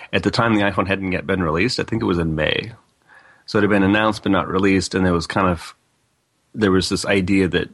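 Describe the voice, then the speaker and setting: Guy with a very low voice guesting on a tech radio show, loose rambly talk, lots of "you know". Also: a bit bright. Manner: rambling, loose, full of hedges and restarts. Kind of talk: casual radio interview talk.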